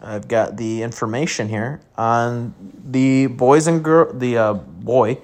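Guy from mid-michigan doing his sports podcast, rambly and jokey, pokes fun at himself, mid pitch. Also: takes it slowly. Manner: rambling, joking, self-mocking. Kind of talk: casual sports podcast chat.

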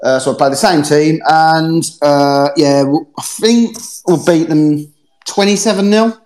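Higher-voiced boastful man on a phone. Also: unhurried, darkish tone. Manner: boastful, hesitant starts. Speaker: panel guest. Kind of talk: casual chat.

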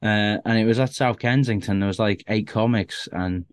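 A male stand-up comedian, appearing as a guest, tells casual, self-deprecating anecdotes full of restarts. His voice is smooth, lowish and moderately paced, recorded at studio quality with no room sound.

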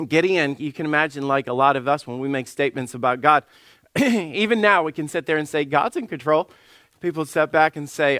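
A man, a lead pastor delivering an animated sermon. He clears his throat often and acts out the voices he quotes. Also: fairly high pitch, normal speed, no echo.

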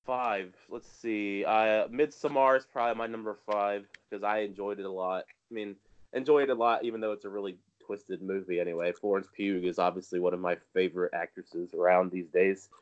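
Casting note: low-pitched male host, rambling casual chat, muffled lo-fi recording. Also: steady tone, brisk. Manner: rambling, self-correcting. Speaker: podcast host. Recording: dull lo-fi sound.

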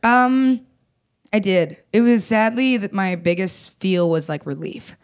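A young woman telling a personal story in casual conversation, blunt and swearing, acting out quoted lines with jumps in pitch. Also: unhurried. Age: young adult. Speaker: guest.

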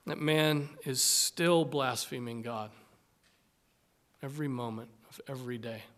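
Slow, dramatic male preacher. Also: mid-range voice, fairly even intonation, fairly bright tone. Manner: slow, dramatic, deliberate scripture reading with emphatic swells. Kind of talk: sermon.

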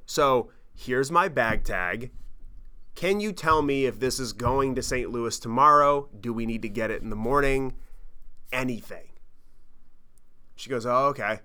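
A man with a bright, forceful voice hosts his own podcast, telling a long travel story. He swears freely and pokes fun at himself. His pitch sits in an ordinary middle range. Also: a little slow, pauses often, clean tone. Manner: animated, profane, self-mocking storytelling. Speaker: podcast host. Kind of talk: casual storytelling monologue.

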